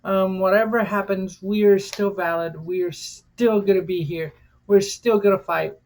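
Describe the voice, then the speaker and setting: A woman's voice: medium pitch, fairly even intonation, a little slow, a little mellow. An American woman vlogger giving an impassioned, defiant rant, cursing freely and repeating phrases for emphasis. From United States.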